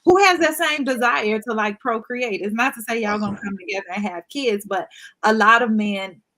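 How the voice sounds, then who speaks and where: A woman's voice: a little high, normal speed, sharp tone. A woman guest in casual chat, explaining with confident emphasis.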